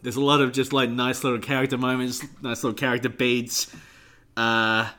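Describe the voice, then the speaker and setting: A man co-hosting a podcast in casual chat, playful and quick to laugh. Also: mid-range voice, level tone, bright, forceful tone. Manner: chatty, laughs often, playful impressions. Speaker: podcast co-host.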